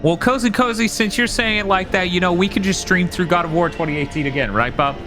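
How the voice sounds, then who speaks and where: A man's voice: high voice, fast talker, pushed and bright, faint music behind. A man co-hosting a live game stream, chatting casually in a rambling way and swearing now and then. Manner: rambling, swearing, loose storytelling. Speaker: streamer co-host.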